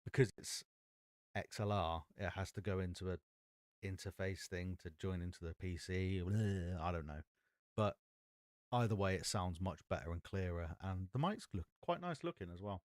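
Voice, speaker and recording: A man streams from home, musing out loud in an easy, rambling way as he reads card text and works through what it means. His voice sits low and sounds dry and close on the XLR mic. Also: normal speed, no room sound. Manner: thinking aloud while reading card text. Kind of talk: casual live-stream chat.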